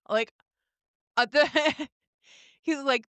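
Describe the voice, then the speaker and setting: A woman co-hosting a podcast, retelling a show's scenes in a lively, laughing way. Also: high-pitched, takes it slowly, long pauses, no echo. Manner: animated retelling with laughs and quoted lines. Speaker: podcast co-host. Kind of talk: casual recap chat.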